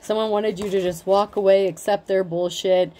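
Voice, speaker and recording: Casual woman tarot reader, blunt and chatty, warm mellow tone. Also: medium pitch, fairly even intonation, moderate pace, slight background noise. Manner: chatty, blunt, swears freely, says like a lot. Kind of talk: casual tarot reading monologue.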